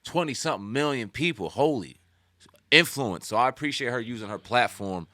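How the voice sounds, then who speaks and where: A man's voice: mid-range voice, expressive, fairly quick, sharp tone, no echo, clean studio sound. A man hosting a hip hop news show, commenting in a loose, slangy, conversational way. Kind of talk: casual commentary.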